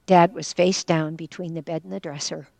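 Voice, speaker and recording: An older woman from northwestern Pennsylvania tells a personal story in an interview. Her voice sits fairly low and is heard close and dry, with no room sound. She talks earnestly and candidly. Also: steady tone, normal speed, creaky, a little mellow, no room sound. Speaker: guest, caregiver and former teacher.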